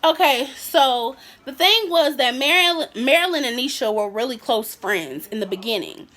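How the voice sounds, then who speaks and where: A young vlogger speaks at a normal speed in a high, bright voice, sharing a casual storytime. Her delivery is animated, lively and personal, and she takes on the voices of whoever she's quoting.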